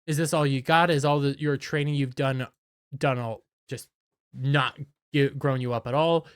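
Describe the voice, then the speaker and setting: A man's voice: mid-range voice, steady tone, normal speed, clear, resonant tone, no room sound, studio quality, close to an everyday voice. A man voicing a stern masked male fighter who taunts his opponent. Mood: taunting.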